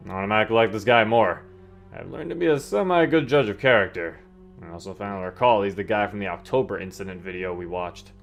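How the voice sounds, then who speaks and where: Brief: male streamer, narrates the game and reacts loudly with lots of laughter. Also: lowish voice. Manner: animated reactions, frequent laughter. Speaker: streamer reading a game aloud. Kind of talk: live stream reading with reactions.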